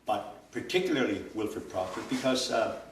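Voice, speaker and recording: An older man from Nova Scotia giving a relaxed, digressive workshop talk, full of fillers and chuckles. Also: fairly low pitch, moderate pace. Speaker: language workshop instructor. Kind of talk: informal classroom lecture. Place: workshop room indoors. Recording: echoey room, distant mic, faint noise.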